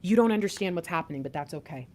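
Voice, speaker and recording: A woman giving a tarot reading to her viewers, excitable, breaking into laughs and whispers as she talks straight to them. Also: lowish voice, quick pace, noisy background. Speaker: tarot reader.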